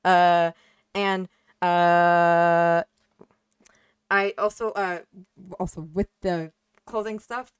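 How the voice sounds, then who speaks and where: A young woman on a casual panel, speaking bluntly and swearing freely, with lots of "like" and "um". Her voice sits a little low, and the recording is dry and close. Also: fairly even intonation, very slow, long pauses, smooth, no echo. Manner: blunt, emphatic, swears freely, many fillers.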